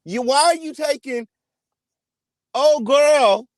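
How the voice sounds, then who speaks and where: A man hosting a celebrity gossip channel, giving an emphatic, profanity-heavy rant with sudden loud outbursts. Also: extremely high pitch, slow, no room sound, clean studio sound. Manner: profane, emphatic, repeats "okay?" and "period". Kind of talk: ranting celebrity gossip commentary.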